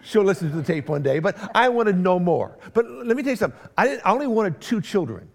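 A middle-aged pastor preaches a sermon built around a family story, playing both sides of each conversation and poking fun at himself. He speaks quickly in a voice that sits high, with vocal fry.

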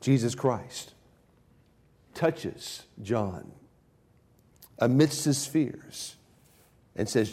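Male preacher, slow sermon delivery, moves between quiet intensity and loud emphasis. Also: mid-range voice, expressive, husky. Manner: swings from hushed, drawn-out phrases to raised emphatic declarations.

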